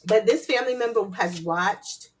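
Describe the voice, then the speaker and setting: Hosting a casual live spiritual reading, this woman is chatty and loose, laughing and swearing freely and often muttering asides to her viewers. Her voice is mid-range and husky, at a moderate pace.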